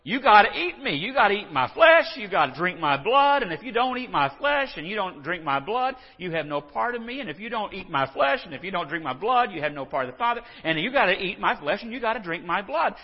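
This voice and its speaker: A man voicing a blunt, insistent male teacher in a loud, raised, repetitive voice. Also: sing-song, a little fast, few pauses, breathy edge, full character voice. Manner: loud, high, repetitive and pressing. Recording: dull lo-fi sound with long reverb.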